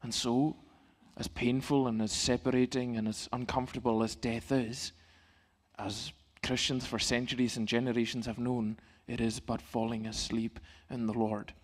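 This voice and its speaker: A middle-aged male pastor giving a sermon in a church, in a calm, gentle, conversational way. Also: medium pitch, moderate pace.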